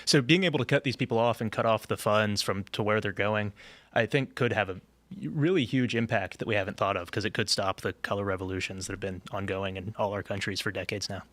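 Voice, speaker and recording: A man on a panel giving serious political commentary in a steady, earnest way. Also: lowish voice, fairly quick, dry recording.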